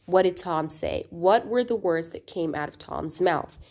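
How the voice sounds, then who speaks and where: A woman's voice: lowish voice, a little slow, a little mellow. A woman teaching a recorded grammar lesson, explaining patiently and often checking in with the class. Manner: reads quoted sentences in a lifted, acted-out voice.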